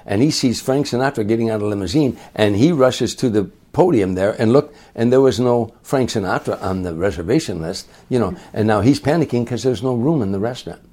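Husky, mellow older man. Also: mid-range voice, brisk, few pauses. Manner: lively storyteller who acts out other people's voices. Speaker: comedian guest. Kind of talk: anecdotal storytelling.

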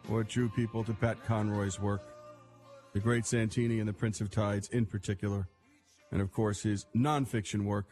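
A man's voice: medium pitch, darkish tone. A man hosting a radio storytelling show, introducing a segment in a reflective, conversational way.

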